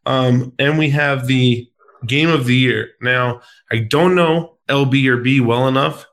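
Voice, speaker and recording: A man's voice: medium pitch, a bit bright. Upbeat man hosting a podcast chat. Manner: upbeat and playful, with hesitant fillers. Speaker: podcast host and sports coach.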